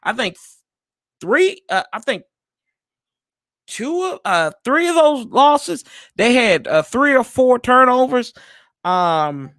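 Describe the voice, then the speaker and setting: A man's voice: extremely high pitch, sing-song, takes it slowly, pauses often, a bit bright, no room sound, clean studio sound. A man hosting a podcast from home, giving a casual sports preview in a loose, chatty way with plenty of fillers and self-corrections. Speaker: podcast host.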